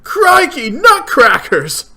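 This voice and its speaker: A brash young male scientist from a story game, shouting in a jokey mock Australian accent, as a man reads him out. The voice is pushed high and loud, far above the reader's own pitch, with bright, lively delivery. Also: slow, full character voice. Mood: excited. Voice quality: loud and exaggerated.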